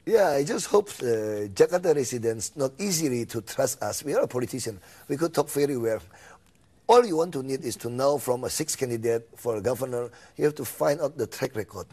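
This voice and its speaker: Indonesian guy on a talk show, husky, earnest, choppy english, lots of ups and downs. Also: medium pitch, animated, a little fast, warm tone. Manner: earnest, broken English, emphatic. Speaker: political candidate guest.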